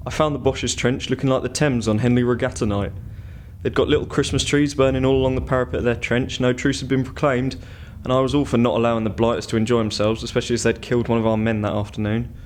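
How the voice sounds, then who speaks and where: A man playing a flat-voiced, bitter WW1 officer. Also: mid-range voice, fast, a little hiss or hum, lightly acted.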